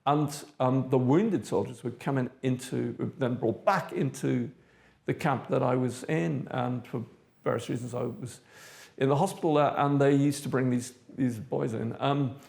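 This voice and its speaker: An older man from South Africa, an interviewee recounting his past in a measured, thoughtful way with frequent pauses. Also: medium pitch, gravelly, a little mellow. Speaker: interviewee, theatre director. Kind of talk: reflective personal recollection.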